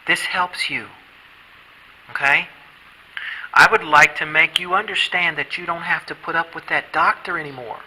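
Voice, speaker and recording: A man working as a paranormal investigator, coaxing unseen spirits with gentle, pleading, repetitive talk inside a derelict island building. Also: fairly high pitch, fairly even intonation, moderate pace, pauses often, a little hiss or hum, poor audio. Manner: gentle, pleading, repeats himself.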